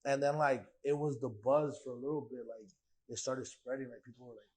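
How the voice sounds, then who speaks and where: Young man, podcast guest, casual storyteller, animated, mid pitch, heavy slang. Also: brisk. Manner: animated storyteller, acts out voices of others, heavy slang and profanity.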